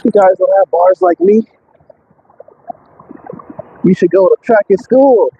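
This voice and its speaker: A man driving a truck, chatting casually on a live stream, excitable and rambling with many fillers, out of breath. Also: sits high, unhurried, creaky, highs cut off, a little hiss or hum. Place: in and around a truck.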